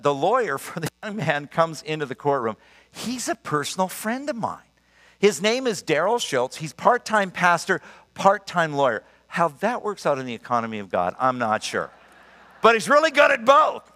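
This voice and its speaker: A man in his sixties preaching a sermon, emphatic and animated, telling personal stories. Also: fairly high pitch, moderate pace. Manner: animated, emphatic, storytelling with laughs. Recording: long reverb of a large hall.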